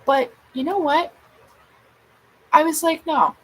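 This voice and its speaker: A woman's voice: medium pitch, lively intonation, normal speed, husky, poor audio. A woman venting to her viewers in a casual vlog, agitated and swearing as she acts out her own side of arguments. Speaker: vlogger. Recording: faint background noise.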